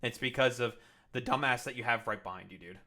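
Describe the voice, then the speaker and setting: Bright-voiced young man, profane reactions. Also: mid-range voice, quick pace. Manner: profane, sarcastic interjections. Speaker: streamer reacting to news clips. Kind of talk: casual reaction commentary.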